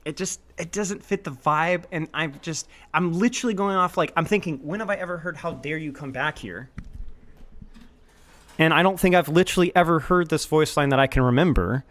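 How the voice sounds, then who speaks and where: A man playing a casual gaming quiz as contestant, stammering and mocking himself as he thinks out loud. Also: on the high side, quick pace, few pauses. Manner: stammering, animated, self-mocking.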